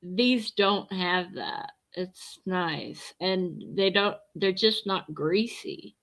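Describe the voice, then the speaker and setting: Slow, bright-voiced woman livestreamer. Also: lowish voice. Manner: blunt, chatty, reads and answers viewer comments. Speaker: livestreamer chatting with viewers. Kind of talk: casual livestream chat.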